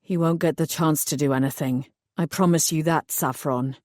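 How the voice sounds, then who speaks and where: Brief: protective male fairy, quiet and earnest, low mellow tone, read by a woman. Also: steady tone, moderate pace, dry recording, studio quality, close to an everyday voice.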